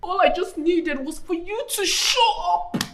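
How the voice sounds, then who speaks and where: An actress playing a young wife, speaking with a Nigerian accent and crying out reproaches in a film drama. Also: female voice, very high voice, unhurried, slight background noise. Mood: hurt. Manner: emotional, shouting reproaches. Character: young wife, hurt and indignant.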